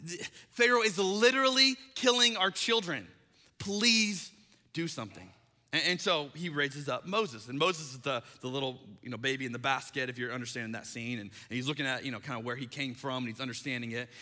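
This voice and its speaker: A man in his thirties, a pastor, preaching a sermon and telling a story with animated, acted-out dialogue. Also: medium pitch, fast talker, few pauses. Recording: long hall reverb.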